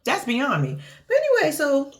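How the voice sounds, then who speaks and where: A woman's voice: high-pitched, wildly swooping pitch, moderate pace. A young adult woman giving a casual reality-show recap, blunt, profane and sassy, acting out what people said.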